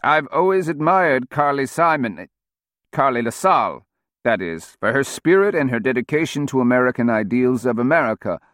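A man's voice: medium pitch, expressive, moderate pace, a bit bright, no echo, studio quality, voice pushed up, lightly acted. A man voicing a dazed male politician in his seventies who stumbles over his words. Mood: flustered.

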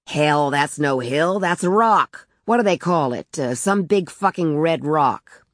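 A woman reading the part of a coarse, bullying husband who swears and shouts with contempt. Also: low voice, animated, a little slow, no echo, studio quality. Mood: angry.

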